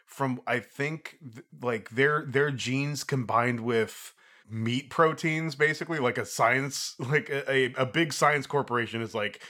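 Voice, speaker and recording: A man's voice: mid-range voice, a little slow. A man co-hosting a film review podcast, talking casually and laughing easily. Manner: laughs easily, goofy and lively. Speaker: podcast co-host.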